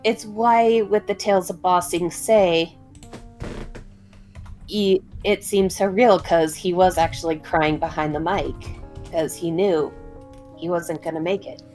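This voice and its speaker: A woman in casual livestream chat, calm and informative. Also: fairly low pitch, unhurried, faint music behind.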